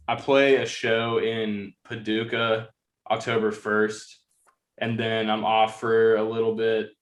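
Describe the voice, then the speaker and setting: A man's voice: on the low side, fairly bright tone. A man in his twenties, a musician guest, chatting casually in a laid-back, rambling way with lots of fillers. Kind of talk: casual chat.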